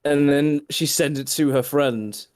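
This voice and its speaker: A man's voice: a little high, unhurried, a little mellow, no room sound. Dry-voiced man making wry podcast quips. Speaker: podcast co-host. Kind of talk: casual chat.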